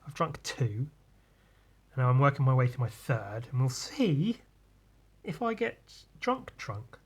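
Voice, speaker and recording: Tipsy guy rambling on his podcast, kinda husky, loses his train of thought a lot. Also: medium pitch, sing-song, measured pace. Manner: meandering, trails off and restarts often. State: tipsy, lightheaded from drinking. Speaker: podcast host. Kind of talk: rambling casual monologue.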